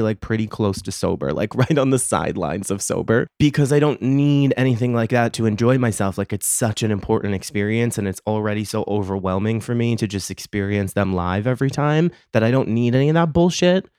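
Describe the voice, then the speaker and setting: A man's voice: fairly low pitch, fairly quick, hardly any pauses, a little mellow, smooth, dry recording, clean studio sound. A man hosting a podcast, telling a confessional story in a casual, profane, self-mocking way and laughing often. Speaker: podcast host.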